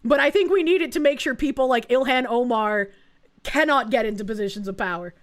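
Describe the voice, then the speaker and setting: A woman hosts a live stream in casual chat, her voice sitting high. She talks bluntly and crudely, stopping to thank donors by name. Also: a little fast. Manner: blunt, crude, reads donations aloud. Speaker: streamer host.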